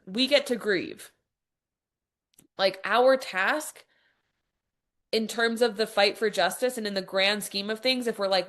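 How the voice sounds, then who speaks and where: Woman, podcast host, exasperated rant, swears a lot, mid pitch. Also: a bit bright. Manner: profane, exasperated and mocking, frequent "like". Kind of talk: opinionated podcast monologue.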